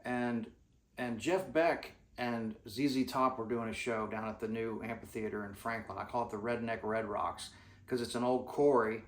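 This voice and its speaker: A man's voice: mid-range voice, steady tone, normal speed, reverberant. A man telling rambling, folksy stories in a casual way, full of restarts and fillers. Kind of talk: casual storytelling.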